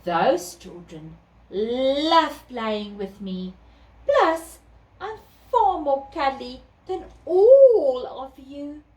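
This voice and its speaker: A woman's voice: sing-song, extremely slow, a little mellow, exaggerated voice. A woman voicing a vain, cuddly house cat in a storybook reading. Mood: smug. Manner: high meowing, self-satisfied. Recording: echoey room, distant mic.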